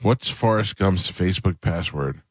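A man's voice: animated, normal speed, slightly rough, no room sound. A man hosting a radio show, trading jokes in casual studio banter and breaking into giggles. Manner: laughing, swooping into high giggles.

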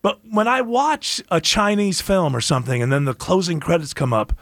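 A man hosting a radio talk show, chatting in a rambling, animated way with frequent self-interruptions. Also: high voice, normal speed, no room sound, studio quality. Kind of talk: casual studio banter.

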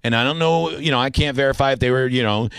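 A middle-aged man hosting a radio talk show, chatting in a playful, animated way with slangy banter. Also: medium pitch, fast, gravelly, clean tone, no echo.

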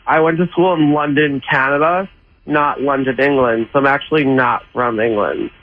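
A man's voice: mid-range voice, steady tone, normal speed. A man calling in by phone to a radio show, sheepish and apologetic. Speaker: caller. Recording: tinny phone line.

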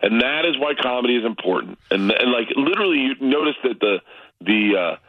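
A man's voice: brisk, a crowd in the background. Laughing storyteller man on a dull line. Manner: loose, laughing storyteller, big pitch jumps when excited. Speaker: comedian guest. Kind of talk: casual radio interview by phone. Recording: muffled lo-fi line.

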